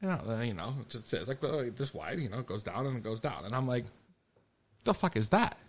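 A man hosting a casual podcast, telling a story in an animated way and swearing freely. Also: mid-range voice, fast talker, a little hiss or hum. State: laughing through a coughing strain. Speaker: podcast host.

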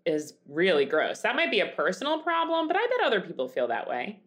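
A woman's voice: on the low side, huge pitch swings, fairly quick, a bit bright. A tired woman in her thirties co-hosting a podcast, chatting casually with lots of swearing and "like" fillers. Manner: laid-back, swears often, lots of "like" fillers. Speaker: podcast co-host. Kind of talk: casual chat.

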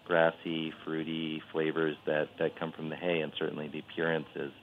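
A man who makes cheese, a guest on a casual interview, speaking very low with a gravelly rasp. He rambles thoughtfully and leans on fillers. The audio comes through a thin, tinny phone line. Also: completely flat delivery, normal speed, a little hiss or hum. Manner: thoughtful and rambling, lots of "you know".

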